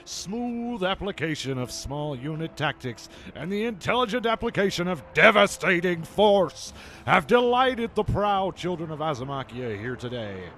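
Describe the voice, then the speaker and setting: Male player voicing a pompous arena announcer, high and lively, booming and theatrical. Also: moderate pace, slight background noise, heavily acted. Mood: grandiose. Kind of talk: tabletop role-play acting.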